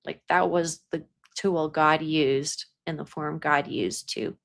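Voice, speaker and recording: A young adult woman speaking in a slightly low voice, talking casually as a psychic medium. She is chatty and laughs often. Now and then she drops into a whisper as she tells a story. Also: fairly even intonation, slow pace, creaky, a bit bright. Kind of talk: casual spiritual talk.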